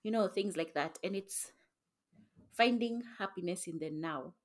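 A woman's voice: on the low side, a little slow. A young woman co-hosting a podcast with her sisters, talking reflectively in casual chat and swearing now and then. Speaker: podcast co-host.

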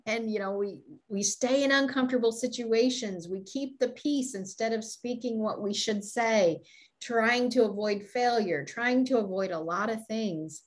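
A woman's voice: fairly high pitch, normal speed. A woman co-hosting a motivational talk show, telling stories and laughing often. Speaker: podcast co-host.

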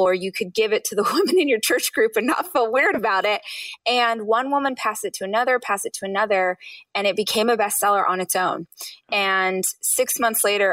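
A woman's voice: mid-range voice, no room sound, distant mic, low-quality recording. A woman in her thirties, a guest author, telling her story in a casual interview and acting out the people she quotes. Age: 30s. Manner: animated, acts out quoted people in shifting voices.

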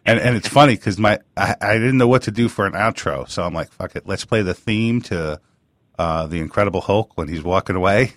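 A man's voice: sits low, a little fast, no room sound. A man in his forties hosting a radio call-in interview, loose and joking, swearing casually. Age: 40s. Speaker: radio show host.

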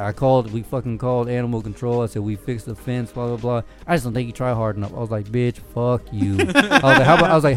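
A man's voice: medium pitch, quick pace, hardly any pauses, faint music behind. A man telling rambling, profane stories in a casual chat among friends, laughing often.

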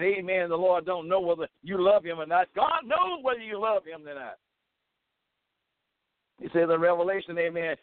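Fervent radio preacher, tinny sound. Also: male voice, sits high, no echo. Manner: fervent preaching, frequent "amen" and "praise the Lord" interjections. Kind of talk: radio sermon.

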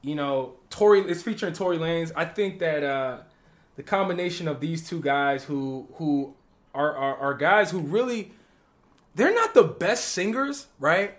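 Animated man co-hosting a music podcast. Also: on the high side, moderate pace. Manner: animated, joking, lots of fillers. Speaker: podcast co-host. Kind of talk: casual music review chat.

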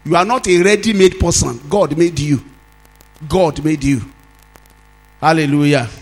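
A man's voice: fairly high pitch, unhurried, poor audio. A Nigerian man preaching a sermon as pastor, leading call-and-response and drawing out sung phrases.

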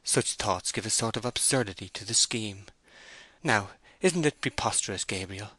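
A man's voice: fairly low pitch, moderate pace, sharp tone, dry recording. Bathsheba, a troubled young woman read by a man. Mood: anxious. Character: young woman farm owner, proud and troubled. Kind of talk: audiobook character voice.

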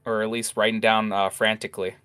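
A man's voice: lowish voice, flat delivery, fast, pushed and bright, clear, resonant tone, faint music behind. A man narrating a tabletop game as game master, talking casually with many fillers.

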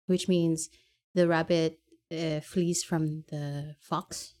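A woman from Quebec, co-hosting a podcast in casual chat, hesitant and searching for words, quick to poke fun at herself. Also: low-pitched, level tone, darkish tone. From Quebec, Canada. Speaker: podcast co-host.

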